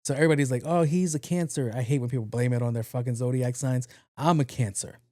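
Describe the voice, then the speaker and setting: Low-key, blunt man hosting a podcast. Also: fast, no echo, clean studio sound. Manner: low-key, talks in a low even voice; blunt, profane. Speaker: podcast host. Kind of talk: casual podcast monologue.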